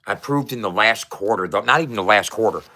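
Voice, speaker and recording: A man talking casually to camera, profane and excitable, often restarting his sentences. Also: on the low side, a little fast, slight background noise. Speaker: vlogger.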